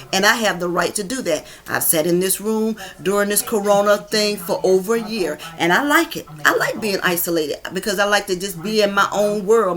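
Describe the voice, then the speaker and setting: A woman's voice: mid-range voice, fairly bright tone. A woman in her fifties from Georgia with a Southern accent, speaking her mind in an emphatic, impassioned vlog monologue from a room at home. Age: 50s. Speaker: vlogger. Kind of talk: venting monologue.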